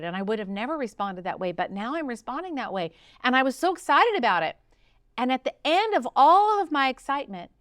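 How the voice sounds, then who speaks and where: A woman with a fairly high voice talks casually and eagerly, as a coach giving advice on a podcast. She acts out quoted conversations with sudden lifts of pitch and excitement. Recorded close on the mic in a dry room. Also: no echo. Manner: enthusiastic, acts out quoted dialogue with lively pitch jumps. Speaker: podcast host and practice coach.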